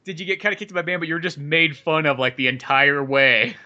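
A man with a fairly high, bright and forceful voice talks loosely on a podcast. He fills his sentences with "like" and swears casually. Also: a little fast, highs cut off. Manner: loose, laughing, swearing, filler-heavy. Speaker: podcast co-host or guest. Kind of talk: casual chat.

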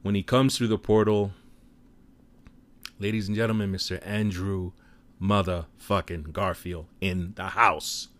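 A man giving a casual spoiler movie review, retelling scenes in an animated, profane storytelling manner. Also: low voice, a little slow.

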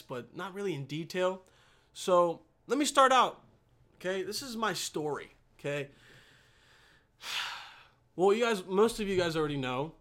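A man's voice: on the high side, fairly bright tone. A man with an American accent, hosting a podcast in a rambling, profane casual monologue, often chuckling as he talks. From United States. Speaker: podcast host.

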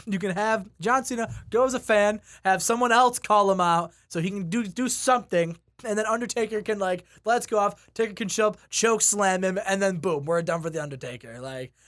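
A man's voice: high-pitched, brisk, hardly any pauses, a bit bright. A man co-hosting a casual podcast, opinionated and joking as he talks. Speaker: podcast co-host. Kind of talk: casual wrestling podcast chat.

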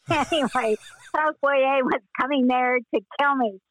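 An older woman and former child actress, telling stories in an interview with meandering pauses and frequent laughs. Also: high voice, fairly bright tone, no room sound, rough recording. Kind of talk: reminiscing interview.

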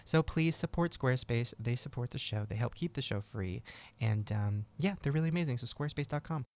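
Guy hosting a chat show, kinda gravelly, joking around. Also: medium pitch, animated, brisk, darkish tone, no echo. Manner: playful, joking. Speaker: podcast host. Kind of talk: casual chat with ad reads.

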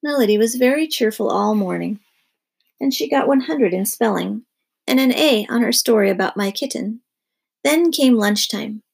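Gravelly-voiced woman reading a children's book. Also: fairly high pitch, normal speed. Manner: expressive storybook narration. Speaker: storyteller.

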